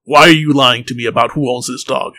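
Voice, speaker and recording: A man voicing a stern, imperious male space marine warrior in a tabletop game, with loud, slow, commanding pronouncements. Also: medium pitch, fairly even intonation. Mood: interrogating.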